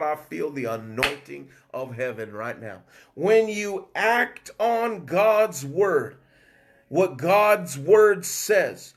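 A man preaching a fervent Pentecostal sermon, breaking into cries of "whoo" and "come on" and bursts of speaking in tongues. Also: sits high.

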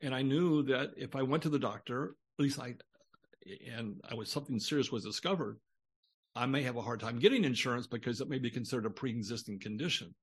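A man's voice: medium pitch, fairly quick, husky. An older man, a guest on a podcast interview, telling a long personal story in a rambling way with many restarts.

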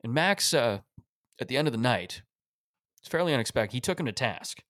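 A man's voice: mid-range voice, expressive, brisk, fairly bright tone, no echo, studio quality. A man, hosting a podcast in loose, profane, joking casual chat. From Canada. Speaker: podcast host.

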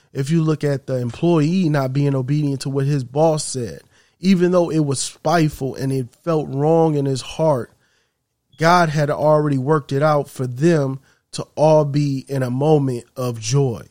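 A man's voice: medium pitch, a little mellow, no room sound, studio quality. A man hosting a podcast, telling a faith story and reflecting on it in an earnest, preaching way. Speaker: podcast host.

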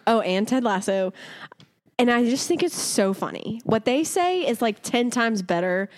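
A woman's voice: on the high side, animated, moderate pace. A young woman co-hosting a podcast, chatting casually and laughing often as she plays with slang. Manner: giggly, playful, often slips into mock British slang. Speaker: podcast co-host. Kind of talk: casual chat.

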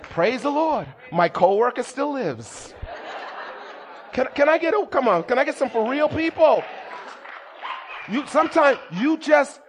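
With an extremely high voice, a pastor preaches unhurriedly during a church service, pausing often. He's animated and humorous, bantering with his congregation and shouting when he wants emphasis.

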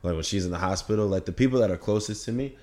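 Young guy on a podcast, real deep voice, opening up about hard stuff slow and honest. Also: a little mellow. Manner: open, reflective storytelling. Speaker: podcast guest. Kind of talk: casual podcast conversation.

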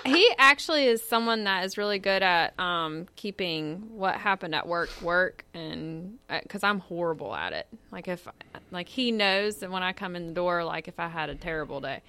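A woman with a bright, forward tone talks about how her firefighter partner leaves work at work. She speaks hesitantly, often stopping to laugh and reflect. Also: lowish voice, lively intonation, normal speed, clean tone. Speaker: firefighter's spouse, guest. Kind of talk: casual chat.

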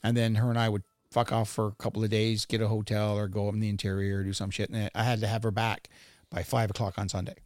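A man's voice: lowish voice, fast, no echo. Profane storytelling man, dry studio sound. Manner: profane, rambling, animated storyteller. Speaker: podcast host. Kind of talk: casual storytelling chat.

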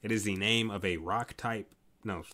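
Ranting tired man, low voice. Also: fairly even intonation, normal speed, sharp tone. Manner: ranting, exasperated, profane, many restarts. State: tired, yawning late at night. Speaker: podcast host. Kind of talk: casual solo commentary.

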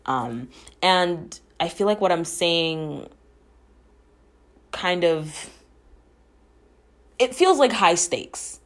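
A young woman talks through a personal subject on her own podcast. Her voice sits a bit low, and she takes her time. She is earnest and reflective, drops casual swearing, and is emotional at times. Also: animated, extremely slow, long pauses. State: emotional, near tears at times. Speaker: podcast host.

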